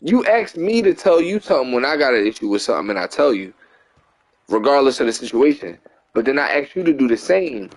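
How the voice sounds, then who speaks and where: A young man with a Philadelphia accent, casually telling a long profane story while gaming, rambling and animated, often asking "you get what I'm saying". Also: fairly high pitch. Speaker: gaming channel host. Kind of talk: casual storytelling over gameplay.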